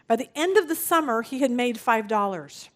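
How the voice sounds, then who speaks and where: A middle-aged woman teaching a Bible study, telling stories in an animated way and acting out what people said. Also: a little high, normal speed. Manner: animated, acts out quoted speech.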